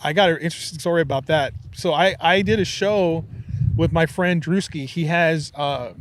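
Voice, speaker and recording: A man with a fairly high voice chats on a podcast and spins a wild story with animated energy. He talks quickly in bursts and drops low for effect. A faint hiss sits under the recording. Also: rough recording. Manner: animated storyteller, excitable, swears casually. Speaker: podcast host. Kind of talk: casual chat.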